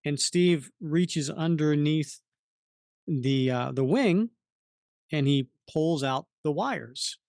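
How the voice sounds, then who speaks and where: A man co-hosting a comic book chat, describing the pages in a drawn-out, unhurried way and padding his sentences with fillers. His voice sits fairly high for a man and sounds dry and close, with no room around it. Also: gravelly, a little mellow, no room sound. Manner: unhurried, walks through panels with many fillers. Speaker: podcast co-host. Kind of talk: casual comic book discussion.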